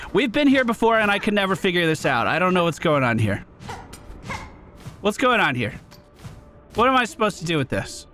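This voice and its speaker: A man casually commenting on his game run, chatty and excitable, thinking out loud and swearing now and then. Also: fairly high pitch. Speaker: let's play streamer.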